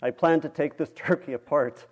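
A male meditation teacher reading a story aloud during a dharma talk, in a calm, measured way. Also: a little high.

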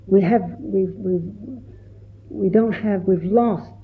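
A man, a Buddhist monk, giving a gentle, reflective dharma talk and telling stories with quoted voices. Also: high-pitched, fairly even intonation, slow. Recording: tinny phone-like recording.

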